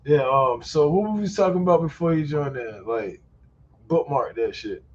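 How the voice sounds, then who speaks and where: A man in casual chat, laid-back and slangy, often pausing with fillers. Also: a little high, expressive. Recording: dull lo-fi sound, faint background noise.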